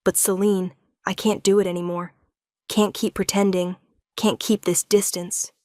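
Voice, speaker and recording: A woman's voice: mid-range voice, flat delivery, unhurried, mellow, no echo, studio quality, lightly acted. A woman voicing a remorseful young male werewolf king who pleads earnestly with his wife. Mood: pleading.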